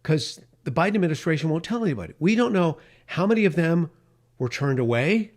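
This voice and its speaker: A man's voice: a little high, expressive, a little fast. A middle-aged man, a radio talk host, giving an impassioned, emphatic podcast monologue.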